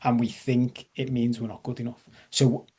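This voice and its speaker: A man's voice: mid-range voice, little pitch movement, moderate pace, mellow, breathy edge. A man leading a live online coaching masterclass, chatty and self-deprecating, checking in with his audience. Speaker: life coach.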